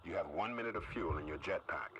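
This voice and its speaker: An actor playing a calm male mission controller in a space game, giving clipped, procedural radio commands. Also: deep voice, quick pace, crowd noise, natural voice. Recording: dull, noisy game radio audio.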